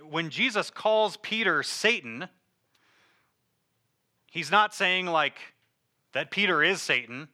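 Chatty, bright-voiced preacher man. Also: a little high. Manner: conversational, filler-heavy, joking asides. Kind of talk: casual sermon.

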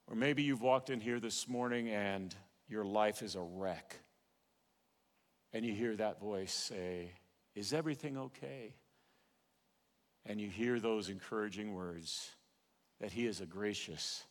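A man preaching a sermon in a church, swelling with passion and then falling to a hushed, quiet prayer. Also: mid-range voice, long reverb tail. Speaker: pastor. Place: church sanctuary.

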